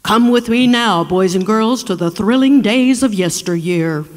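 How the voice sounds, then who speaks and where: A woman voicing a gentle, proud janitor father with a baritone voice, in a live storytelling show. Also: measured pace. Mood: theatrical. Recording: long reverb of a performance hall.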